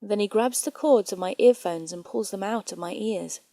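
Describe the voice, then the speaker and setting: Mellow woman reading scary stories. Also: mid-range voice, dry recording. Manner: calm, measured storytelling. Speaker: horror story narrator. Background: faint background music.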